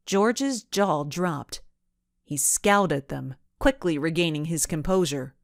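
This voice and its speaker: A woman narrating a children's storybook in an expressive, measured way. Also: low voice, vocal fry, no echo, clean studio sound. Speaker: audiobook narrator.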